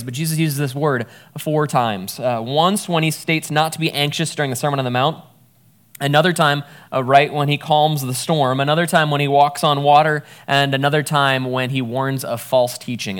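A man's voice: a little high, a bit bright. A man in his thirties giving a casual, conversational sermon as a pastor, joking at himself when he stumbles over words.

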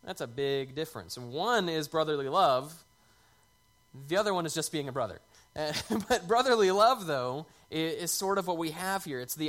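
A man's voice: on the high side, lively intonation, normal speed, fairly bright tone. A man preaching a sermon in a conversational way, lifting his voice on key words. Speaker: pastor.

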